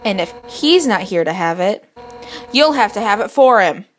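A woman's voice: medium pitch, animated, normal speed, faint music behind, natural voice. A woman voicing a brash fish warrior captain. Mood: fired up. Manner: blunt and boastful, with gruff outbursts. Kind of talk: reading game dialogue aloud.

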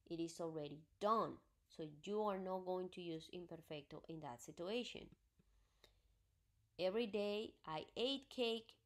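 A woman teaching a recorded grammar lesson, explaining patiently step by step and working through examples. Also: fairly low pitch. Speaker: Spanish teacher.

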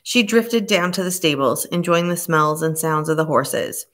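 A woman narrating a novel as an audiobook, reading in a steady, measured way. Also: deep voice. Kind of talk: scripted narration.

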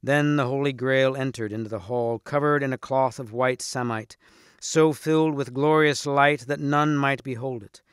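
Man narrating a storybook, steady and expressive, mid-pitched, dry close mic. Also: smooth, dry recording. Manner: measured, expressive. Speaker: reader. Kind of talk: storybook read-aloud.

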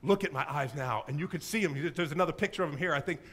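A male pastor preaching a sermon in a church, telling a story with lively acted-out quotes. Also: a little high, fast talker, breathy edge. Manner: animated storytelling, acting out quoted voices. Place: church sanctuary.

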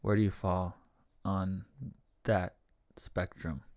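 Laid-back American man, smooth voice. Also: deep voice, flat delivery, takes it slowly, darkish tone. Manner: joking, laughs often. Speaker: podcast co-host. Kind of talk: casual podcast banter.

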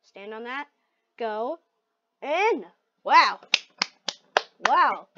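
A woman giving excited gameplay commentary, shrieking and laughing at close calls. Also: fairly high pitch, very slow, very noisy. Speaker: gaming video host. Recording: dull lo-fi mic.

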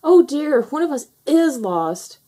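A woman's voice: medium pitch, big pitch swings, fairly quick, warm tone, husky, voice pushed up. A woman voicing the eldest little girl fox cub in a storybook, earnest and fretful.

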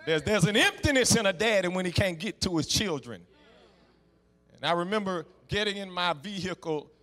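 High-voiced preaching man, Southern cadence. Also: expressive, moderate pace, a bit bright, long reverb tail. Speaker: guest preacher. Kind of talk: Black church sermon with call and response. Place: church sanctuary.

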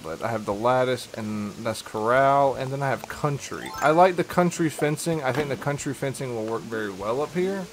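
A man's voice: mid-range voice, moderate pace, hardly any pauses, soft background music. A young man chatting casually with his viewers while he plays a game and reads their messages, upbeat and slangy. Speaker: gaming streamer. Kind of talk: casual live-stream chat while playing.

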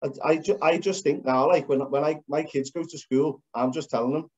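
A man hosting a podcast gives frank, plain-spoken opinions, his voice sitting somewhat high. The recording sounds dull and a little muffled. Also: fairly even intonation, brisk, hardly any pauses, darkish tone, breathy edge. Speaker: podcast host. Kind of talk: casual podcast chat.

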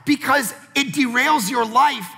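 Brief: male pastor in his forties, very high and bright voice with a gravelly edge, animated storytelling sermon in a big reverberant church hall. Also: a little slow. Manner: animated storytelling preacher, acts out family dialogue.

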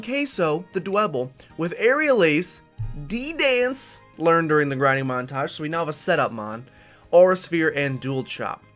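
A woman's voice: low voice, a bit bright. A woman hosting a let's play, chatting casually and making self-deprecating asides over faint game music.

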